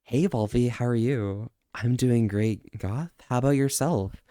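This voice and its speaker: A man streaming and chatting casually, soft-spoken, drawing out slow words of praise. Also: medium pitch, no room sound, studio quality. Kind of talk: casual livestream chat.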